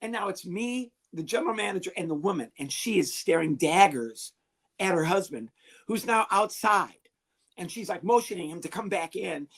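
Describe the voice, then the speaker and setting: Comedian guy on an interview show, husky voice, tells his story all animated, does little voices for people. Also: high voice, moderate pace. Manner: lively, animated, acts out the people he quotes. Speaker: comedian guest.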